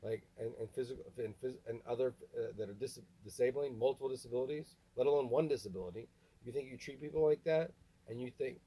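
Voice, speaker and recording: Guy venting hard on camera, husky low-key voice, keeps stopping and restarting. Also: mellow, low-quality recording. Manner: angry, halting, many restarts and profanity. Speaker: vlogger. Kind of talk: ranting monologue to camera.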